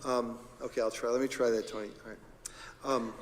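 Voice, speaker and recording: A man's voice: medium pitch, flat delivery, normal speed, big-room sound, background noise. A man, a school district administrator, walks the board through agenda items in an informal, joking, conversational way at a public meeting.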